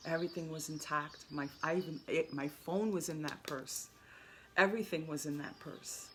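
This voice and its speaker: A woman's voice: sits low, fairly even intonation, moderate pace, fairly bright tone, a little hiss or hum. A woman telling an earnest personal story in a casual vlog, often repeating and restarting her words. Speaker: spiritual vlogger.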